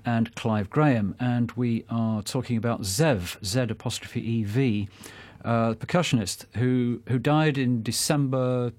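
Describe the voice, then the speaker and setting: A man hosting a radio show, chatting casually with guests and recapping in a relaxed, easygoing way. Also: medium pitch, unhurried, hardly any pauses. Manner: easygoing, brief interjections and recaps.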